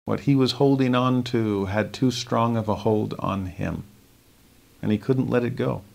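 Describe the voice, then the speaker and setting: A man teaching a scripture lesson, earnest, reading verses slowly and softly. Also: mid-range voice, creaky.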